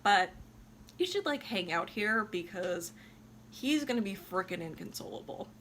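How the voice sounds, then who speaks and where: A woman's voice: mid-range voice, lively intonation, normal speed, a bit bright, a little hiss or hum, close to an everyday voice. Drunk lady doing a dying opera girl, super blasé, sometimes whispery. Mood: resigned. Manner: breezy and offhand about death. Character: dying young woman, weary and resigned.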